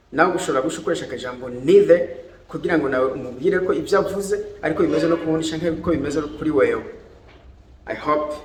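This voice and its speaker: Burundian male English teacher, fairly high voice, careful drills, echoey room. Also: slight background noise. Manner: slow, deliberate word-by-word pronunciation drills, switching languages. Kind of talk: pronunciation lesson.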